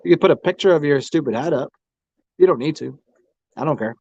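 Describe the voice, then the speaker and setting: American man, tarot livestream host, crude rambling banter, higher voice, dull lo-fi mic. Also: fast talker, creaky, darkish tone, slightly rough, dry recording. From United States. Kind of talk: casual livestream chat.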